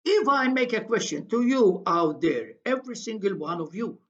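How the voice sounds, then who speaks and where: Older woman telling a slow, deliberate story. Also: medium pitch, very animated, a bit bright. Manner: slow, deliberate, repeats phrases. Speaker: commentator. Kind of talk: storytelling monologue to viewers. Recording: dull lo-fi recording.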